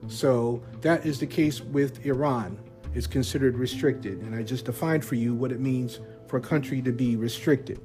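A man hosting a Christian podcast, speaking in a measured, earnest way with occasional fillers and asides. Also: mid-range voice, warm tone, soft background music. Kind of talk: scripted-sounding podcast talk.

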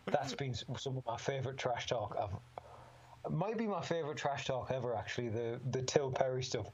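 A man's voice: mid-range voice, expressive, brisk, noisy background. A man talking casually about fighting, rambling, swearing freely and laughing often. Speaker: amateur MMA fighter guest. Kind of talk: casual chat. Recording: slightly dull lo-fi sound.

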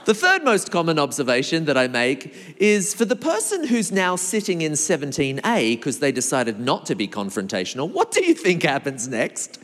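A man's voice: fairly high pitch, huge pitch swings, moderate pace, few pauses, a bit bright. A man, preaching a sermon as a playful storyteller who acts out other people's voices. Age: 40s. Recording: echoey hall reverb.

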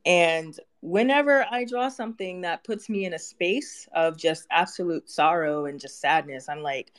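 Artist guest, candid and expressive, quick to laugh, mid-range voice. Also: mid-range voice. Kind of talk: casual interview chat.

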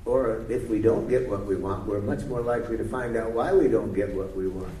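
A man leading a live workshop in a playful, deliberate, coaxing way, recorded in an echoey room from a distance. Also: on the low side, steady tone, mellow. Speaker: workshop leader. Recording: echoey room from far off, faint noise.

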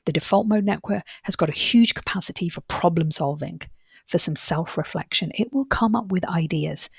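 Woman therapist, podcast host; husky, breathy tone; dry close sound; earnest, reassuring delivery with repeated emphasis. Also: on the low side, darkish tone, dry recording. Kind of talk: podcast monologue with client anecdotes.

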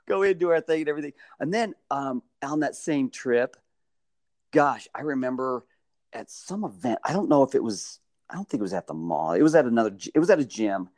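A man telling stories in casual chat, animated and often laughing. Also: medium pitch, brisk, no echo, studio quality. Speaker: storyteller.

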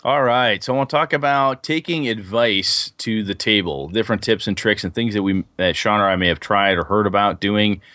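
A man's voice: fairly low pitch, fairly quick, hardly any pauses, dry recording, clean studio sound. A man co-hosting a casual podcast about tabletop gaming, telling long rambling stories full of fillers. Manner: rambling, animated storyteller with many fillers. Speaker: podcast co-host.

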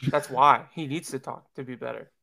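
A man co-hosting a live stream, telling stories in an animated, casual way. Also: mid-range voice, moderate pace, creaky.

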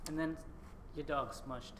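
A man's voice: a little high, fairly even intonation, unhurried, fairly bright tone. A man co-hosting a podcast, chatty and joking as he tells stories in casual talk. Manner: jokey, chatty storyteller. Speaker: podcast co-host. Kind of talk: casual chat. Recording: echoey room with faint noise.

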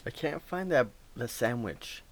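A man's voice: medium pitch, lively intonation, unhurried. A young man co-hosting a podcast, chatting in an easygoing way and asking questions. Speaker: podcast co-host. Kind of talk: casual chat.

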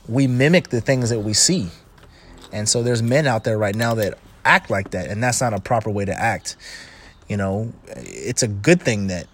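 A middle-aged man talking casually about relationships, rambling and restarting, and often acting out clips in quoted voices. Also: fairly low pitch. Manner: rambling, with frequent restarts and asides; retells video clips in animated quoted voices. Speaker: commentator on relationships. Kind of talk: casual monologue.

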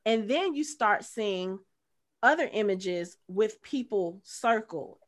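Blunt, animated middle-aged woman podcaster. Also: mid-range voice, takes it slowly. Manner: animated, blunt, swears freely. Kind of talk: casual movie review chat.

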